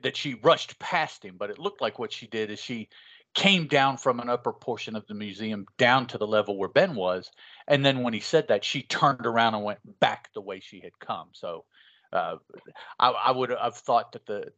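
A man's voice: lowish voice, fairly bright tone, lo-fi sound. A man co-hosting a casual comics podcast, who talks in a rambling way with many restarts. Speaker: podcast co-host.

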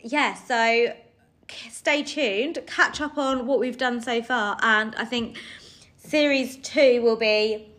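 A woman's voice: on the high side, fairly even intonation, takes it slowly, a bit bright, slight background noise. A woman co-hosting a podcast, chatting casually, swearing and laughing often. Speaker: podcast co-host. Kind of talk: casual chat.

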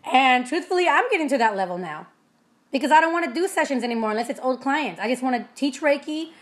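Speaking directly to her audience, a young woman with a high, bright voice delivers a loose motivational talk fast and with lively intonation. Blunt and profane, she animatedly tells stories, much like an energy healer discussing running her own business.

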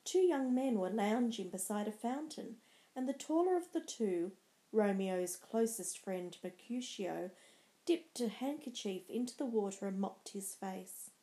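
Woman narrator, storybook reading, slow and measured, mid pitch. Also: lively intonation, mellow.

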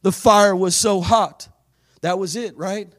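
High-voiced man preaching with fervor. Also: steady tone, takes it slowly. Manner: emphatic, exhorting, dramatic. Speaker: pastor. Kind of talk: sermon.

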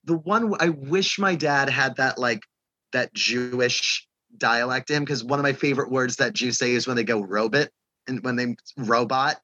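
A man co-hosting a casual podcast chat, animated and laughing often as he acts out relatives in quoted voices. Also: medium pitch, moderate pace, no echo, dull audio. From Staten Island, New York. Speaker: podcast co-host.

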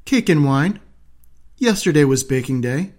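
A man voicing an innocent, trusting young girl in a fairy tale, speaking gently and earnestly. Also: on the high side, animated, a little slow. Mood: polite.

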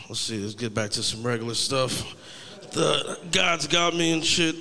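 A young man in his late twenties performing a stand-up set in a bright, sharp voice. He rambles in a laid-back, profane way and sounds a bit high. A long hall reverb trails his words. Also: animated, measured pace, vocal fry. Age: 20s. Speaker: stand-up comedian.

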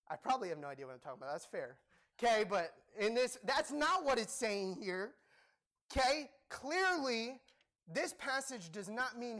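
A young man preaching a sermon in an animated, joking, emphatic way. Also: very high voice, moderate pace.

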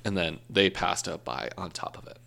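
A man's voice: deep voice, lively intonation, moderate pace, gravelly, bright, forceful tone. A man co-hosting a casual podcast, telling a true crime story with jokes, swearing and self-corrections. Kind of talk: casual chat.

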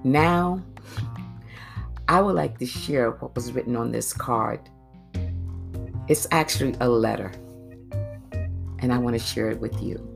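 Woman doing a calm devotional reading, really low voice, soft guitar playing underneath. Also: unhurried, creaky, long pauses. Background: faint guitar music.

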